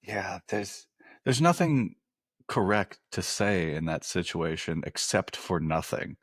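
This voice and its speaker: A man's voice: sits low, lively intonation, takes it slowly, husky, dry recording, studio quality. A man hosting a podcast interview, chatting casually, swearing now and then and asking follow-up questions. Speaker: podcast host.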